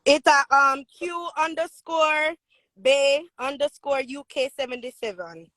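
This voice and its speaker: Jamaican woman, excited fan calling in on a phone live stream, high bright voice, close and dry. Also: unhurried, no room sound. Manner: gushing, pleading, repeats herself.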